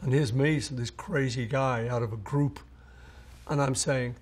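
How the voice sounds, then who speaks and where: A man's voice: mid-range voice, fairly even intonation, unhurried, breathy edge. An older man, a songwriter, telling anecdotes in an interview and acting out what people said. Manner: anecdotal, acts out quoted people. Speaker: songwriter recalling his songs. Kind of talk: storytelling interview.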